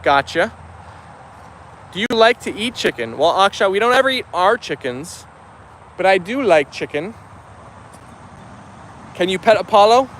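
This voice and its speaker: A man's voice: high voice, sing-song, unhurried, long pauses, fairly bright tone, slight background noise. A man hosting a dog livestream outdoors, reading viewer comments aloud in a casual, friendly way. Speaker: dog channel livestream host. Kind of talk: casual live-chat reading. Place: outdoors with dogs.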